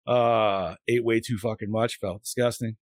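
At a normal speed and with a fairly low voice, a man in his late thirties hosts a podcast, chatting casually and telling stories. He curses frequently and acts out quotes, and the recording has no room sound.

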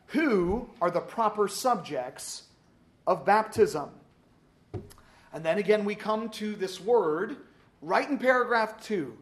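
A man teaching a Sunday school class, upbeat and joking as he calls on readers. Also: sits high. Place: church classroom.

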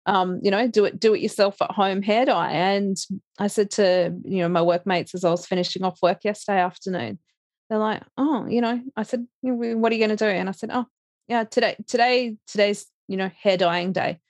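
A woman's voice: mid-range voice, a little fast, a little mellow, no room sound. A middle-aged woman, chatting casually as an interview guest, laughing often and restarting her sentences. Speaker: interview guest, life coach.

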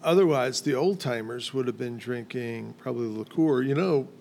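A man's voice: mid-range voice, normal speed, gravelly, a little mellow, a little hiss or hum. A man in his fifties chatting casually on a podcast, rambling and hesitant, with many fillers. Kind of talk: casual chat.

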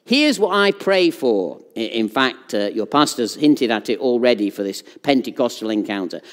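Man, preacher, lively rising and falling pitch, earnest emphatic sermon, long hall reverb. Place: church hall.

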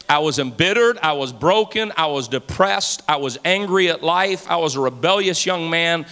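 A man in his forties delivers an impassioned sermon, hammering his points home by repeating phrases. His voice is bright and forceful and sits a little high for a man. Long reverb from a large church hall trails behind every line. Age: 40s. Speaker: pastor. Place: church sanctuary.

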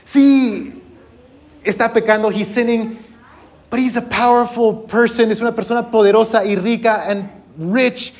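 A mocking, higher-pitched voice of male churchgoers brushing off a powerful sinner, put on by a man preaching a sermon. It sounds breezy and dismissive, switching between English and Spanish. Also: fairly even intonation, normal speed.

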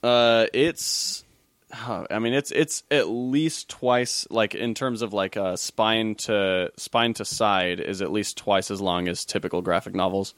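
A man's voice: fairly low pitch, steady tone, measured pace, a bit bright. A man hosting a casual podcast chat, rambling with restarts and swearing freely.

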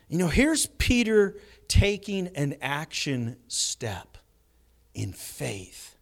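A man preaching a sermon, swinging between hushed moments and loud bursts. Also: sits high, sing-song, slow pace. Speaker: pastor.

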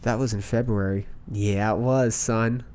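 A man co-hosting a podcast in casual chat, swearing freely and joking in quick repeated bursts. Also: lowish voice, fairly even intonation, darkish tone, clean tone. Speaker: podcast co-host.

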